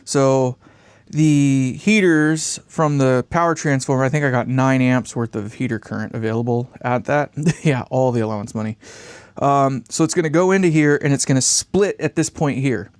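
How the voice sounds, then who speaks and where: A man's voice: medium pitch, moderate pace, clean tone, no echo. A man with congested sinuses chatting in a rambling, laid-back way while building an amp on a live stream, swearing casually and chuckling often.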